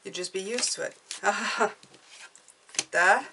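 A woman's voice: mid-range voice, takes it slowly, recorded from a distance, heavy background noise. A woman giving an intuitive tarot reading to viewers, chatty and encouraging, often checking in with "okay?". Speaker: tarot reader.

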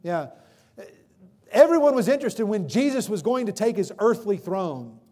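Pastor guy preaching from the pulpit, kinda high voice, gets loud and emphatic, keeps asking the church questions. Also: very animated, normal speed. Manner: preaching with rising, emphatic calls and questions to the congregation. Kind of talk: sermon. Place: church sanctuary. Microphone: livestream recording from the pulpit.

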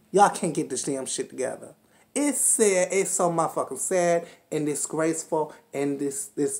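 A woman with a somewhat low, slightly mellow voice gives a heated recap of a reality show. Swearing freely, she addresses the cast head-on and scolds them as if they could hear every word.

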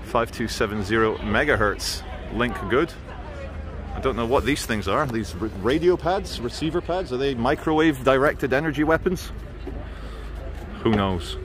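A man's voice: mid-range voice, lively intonation, a little slow, long pauses, a crowd in the background, background noise. Man vlogging on a city street. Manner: wry muttered asides, then loud and defiant in argument. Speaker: vlogger filming in public. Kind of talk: handheld street vlog commentary. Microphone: handheld phone camera.

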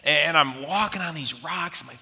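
A man preaching a sermon as pastor, telling stories in an animated, self-mocking way. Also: fairly high pitch, moderate pace, gravelly. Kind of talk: sermon with storytelling. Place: large church auditorium. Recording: long hall reverb.

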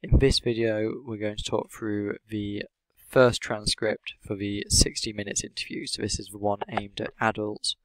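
A man teaches an English lesson in a measured, explanatory voice. His pitch sits on the low side and barely moves. The sound is dry and close, with no room echo. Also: flat delivery.

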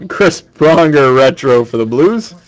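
A man hosting a sports card break, calling out each card pulled in a brisk, matter-of-fact way. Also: mid-range voice, lively intonation. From Canada.

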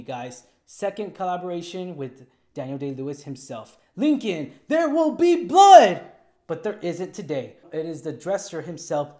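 A man's voice: fairly high pitch, darkish tone. A young man hosting a casual solo movie review, talking in an upbeat, chatty way with lots of asides and little jokes.

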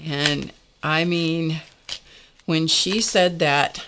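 A woman's voice: low-pitched, fairly even intonation, very slow, background noise. An older woman hosting a casual art lesson, chatty and confessional, laughing often as she talks to her viewers. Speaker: art class host.

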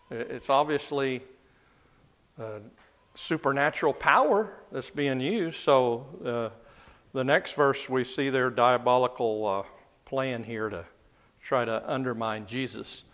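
Guy doing a bible study, chatty, laughs a lot, mid-pitched voice. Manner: chuckles often, relaxed and chatty. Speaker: Bible teacher. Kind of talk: conversational Bible teaching.

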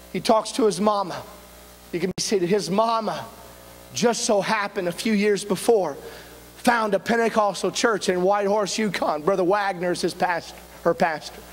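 A man with a very high, ringing voice preaches a revival sermon. He tells the story with fervent, dramatic energy and pushes up into shouts from the pulpit. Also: low-quality recording. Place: church sanctuary.

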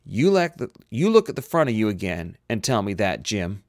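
A man voicing a gruff male ship's doctor who scolds and gives orders. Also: lowish voice, very animated, normal speed, darkish tone, no echo, studio quality. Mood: scolding. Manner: bossy, scolding.

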